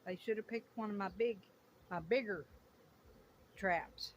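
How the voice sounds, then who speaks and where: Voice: mid-range voice, unhurried, pauses often, lo-fi sound, slight background noise. A beekeeper in a casual vlog, talking outdoors and exclaiming in awe while watching a swarm. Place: outdoors by a greenhouse. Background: buzzing bees.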